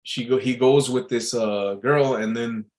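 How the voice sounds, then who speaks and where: A man's voice: medium pitch, fairly even intonation, unhurried, a little mellow, low-quality recording. A man talking casually in a loose, repetitive monologue, reading out quotes and musing on them with many restarts and fillers. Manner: reads out quotes and muses on them.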